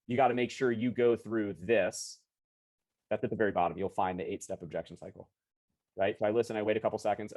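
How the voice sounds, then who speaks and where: A man running a live online sales training over a video call, talking in a chatty, energetic way and correcting himself as he goes. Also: medium pitch, brisk. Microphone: video call computer mic.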